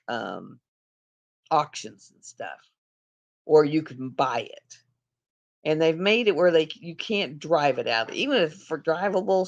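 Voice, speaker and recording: Middle-aged woman hosting a casual livestream. Rambling storyteller who laughs often, with a low, gravelly voice. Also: dull audio. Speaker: livestream host.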